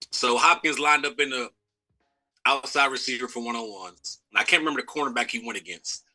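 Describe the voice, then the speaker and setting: Bright, lively former football player. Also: male voice, medium pitch, low-quality recording. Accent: American. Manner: lively storyteller who acts out quotes and laughs. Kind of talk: animated storytelling in a live interview.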